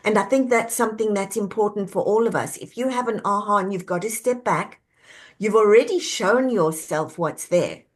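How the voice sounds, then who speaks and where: A woman speaking as a guest in an interview, her voice at an ordinary middle pitch. She lays out her ideas in a measured, reflective way, one step after another. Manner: measured, reflective, walks through questions step by step. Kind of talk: interview answer, coaching talk.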